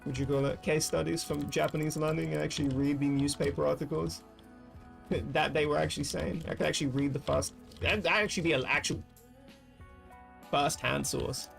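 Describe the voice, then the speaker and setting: A man's voice: on the high side, fairly even intonation, a little fast, vocal fry, soft background music. A man streaming while gaming, thinking aloud in loose, rambling casual chat with frequent swearing. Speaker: livestreamer.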